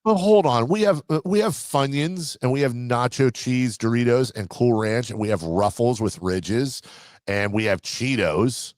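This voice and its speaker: A man co-hosting a sports radio show, bantering in an animated, emphatic way. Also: medium pitch, no room sound. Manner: animated, quick to jump in, emphatic. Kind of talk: casual studio banter.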